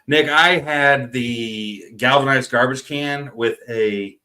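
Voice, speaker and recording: A middle-aged man from Florida hosting a live Q&A, reading out viewer comments in a relaxed, profane, laugh-filled way. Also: mid-range voice, slow pace. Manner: relaxed, swears freely, laughs often. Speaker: host of a live Q&A stream.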